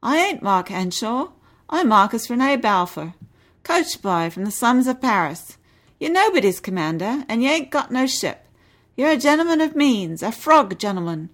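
Lady doing a high-pitched cockney cabin boy, cocky and lively in a novel reading. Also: moderate pace. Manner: cocky, grinning, then pleading.

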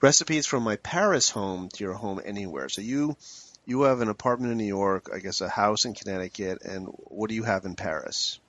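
A man's voice: fairly low pitch, brisk, a bit bright, no echo, dull audio. A man interviewing a guest, asking questions in a vivid, wry and descriptive way. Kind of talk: interview conversation.

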